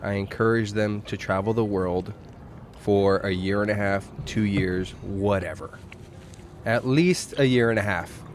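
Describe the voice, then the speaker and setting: A man's voice: on the low side, a little slow. Male podcast host, reflective and philosophical in casual talk, faint traffic outside. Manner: reflective, muses on life and culture. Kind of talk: casual conversation. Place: outdoor restaurant patio at night.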